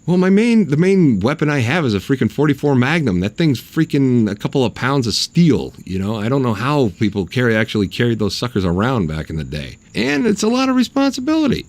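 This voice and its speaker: A man hosting a solo opinion podcast, blunt and sarcastic in tone. His pitch swings widely as he talks, though his voice sits in a middling register. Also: very animated, brisk, hardly any pauses, dry recording. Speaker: podcast host.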